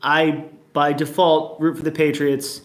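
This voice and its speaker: A man's voice: fairly high pitch, level tone, unhurried. A man in his thirties hosting a casual morning livestream from home, upbeat and chatty, greeting viewers one after another. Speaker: livestream host.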